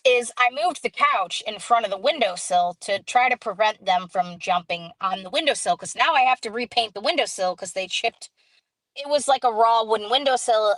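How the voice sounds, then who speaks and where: A woman hosting a casual live stream, telling a story in an animated way, acting out quoted dialogue and greeting viewers as she goes. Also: fairly high pitch, no room sound, low-quality recording.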